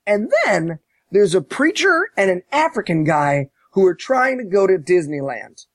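A man casually recapping a movie on a podcast, animated and profane, mocking as he tells it. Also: high-pitched, measured pace, dry recording. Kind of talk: casual chat.

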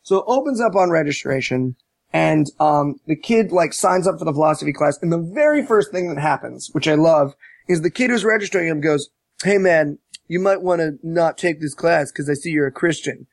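A man casually recapping a movie on a podcast, animated and profane, mocking as he tells it. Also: a little high, fairly quick, gravelly, no echo. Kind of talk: casual chat.

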